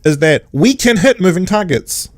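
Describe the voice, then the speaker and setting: A man retells a television episode on a podcast, mocking the characters in put-on voices. His voice sits fairly high and the recording is dry and close, with no room sound. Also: moderate pace, dry recording. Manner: sarcastic, animated retelling with mocking quoted voices. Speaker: podcast co-host. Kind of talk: casual podcast chat, recapping an episode.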